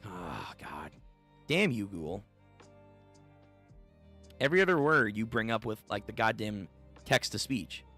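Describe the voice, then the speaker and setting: Profane, slow-talking young man streamer. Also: fairly low pitch, sing-song, bright, forceful tone, faint music behind. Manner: profane, talks back to the page. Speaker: manga reaction streamer. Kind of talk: live reading reaction.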